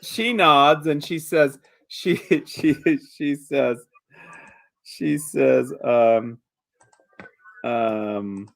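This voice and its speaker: A man narrating a tabletop game as game master, relaxed, with many fillers. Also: mid-range voice, drawn-out words, gravelly.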